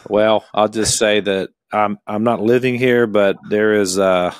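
A man's voice: lowish voice, steady tone, unhurried, clear, resonant tone, no echo. Sheepish man on a video call. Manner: sheepish, self-deprecating. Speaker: podcast co-host. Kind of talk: casual chat.

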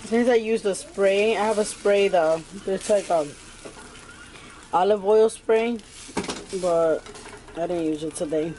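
A woman's voice: medium pitch, slow pace, pauses often, mellow, a little hiss or hum. A woman vlogging casually at home with a swollen, painful ear and sore throat. She talks with her mouth barely open, a bit muffled. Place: home kitchen.

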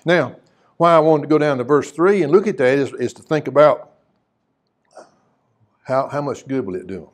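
A man's voice: medium pitch, normal speed, long pauses. A man preaching a sermon, mixing scripture reading with folksy, conversational questions to the congregation. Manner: reads scripture aloud in old-fashioned wording.

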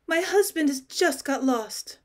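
Woman reads an upset young wife, pleading and insistent, with a lively voice. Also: high-pitched, measured pace, voice pushed up. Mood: tearful. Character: distressed young wife stranded in the city.

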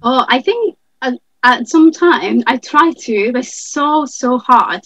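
Soft-spoken woman with a creaky voice. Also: high-pitched, expressive, slow pace, no room sound, low-quality recording. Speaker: guest's partner. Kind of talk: casual chat.

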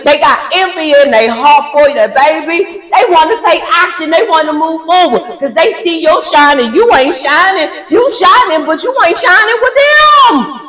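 A high-pitched woman delivering a tarot reading with sass and swagger, swearing freely and stretching her words out. She talks slowly and deliberately. Her voice rings in an echoey room with a long reverb tail. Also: a bit bright. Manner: sassy, emphatic, profane, slow and drawn-out. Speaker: tarot reader.

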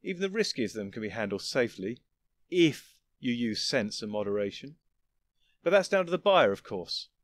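A man's voice: medium pitch, very animated, normal speed, dry recording, natural voice. A man playing a sly, smug guild boss. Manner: smug, coolly challenging. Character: sly, cocky male guild leader.

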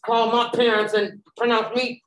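Animated woman telling her story, echoey room. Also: on the high side, normal speed. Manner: animated storytelling, acting out dialogue, many fillers. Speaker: Bible study participant. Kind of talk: personal testimony in a group discussion.

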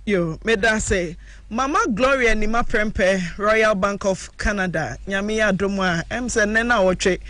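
A man with a Ghanaian accent hosting a casual radio call-in chat, animated and laughing often. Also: sits high, unhurried, no echo. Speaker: radio host.

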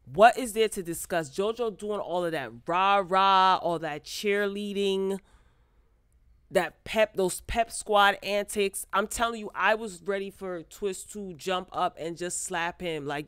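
A woman who recaps reality TV in an animated, laughing way, acting out quotes. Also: mid-range voice, measured pace, clear, resonant tone, no echo, clean studio sound. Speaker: TV recap vlogger. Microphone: close microphone.

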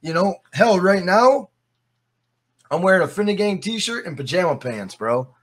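Animated storytelling man, slightly high voice. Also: a little slow, husky. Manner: animated storyteller, swears freely, repeats phrases. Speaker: interview guest. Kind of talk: casual podcast interview.

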